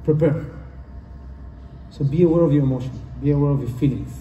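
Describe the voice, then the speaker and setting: Warm in tone and a little high, his voice moves briskly through an earnest motivational talk in a conference hall. The phrasing is repetitive and non-native, and the far-off, roomy recording sounds muffled with a bit of hiss or hum.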